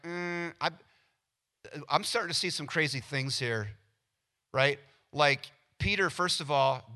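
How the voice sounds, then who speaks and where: Bright-voiced animated male preacher. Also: mid-range voice. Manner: animated, acts out little scenes with quoted voices. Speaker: pastor. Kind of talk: sermon.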